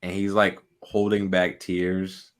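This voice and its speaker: Excitable young man, low voice. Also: takes it slowly, clear, resonant tone. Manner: excitable, heavy use of "like", laughs often. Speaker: podcast co-host. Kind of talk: casual chat.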